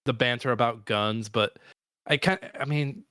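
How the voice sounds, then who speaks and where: A man co-hosting a casual movie review podcast, excitable and swearing for emphasis. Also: mid-range voice, moderate pace, no room sound, studio quality. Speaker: podcast co-host. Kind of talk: casual film review chat.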